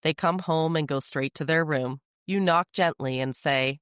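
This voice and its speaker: A calm, steady parenting podcast host delivers a scripted explainer in an even, measured way. The voice sits at a middle pitch, and the sound is dry and close with no room around it. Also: clean tone, no room sound.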